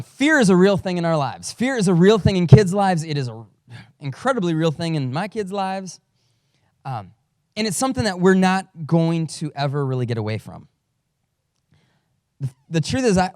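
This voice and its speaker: Man, pastor, conversational sermon, light self-mocking humor, higher pitch, dry sound. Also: lively intonation, a little fast, a little mellow, dry recording. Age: adult father. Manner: storytelling, self-deprecating humor.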